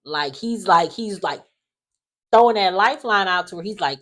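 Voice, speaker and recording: Low-voiced woman recapping soap drama. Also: moderate pace. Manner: animated, acts out quotes with dramatic asides. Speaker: soap opera recap host. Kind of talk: casual recap commentary.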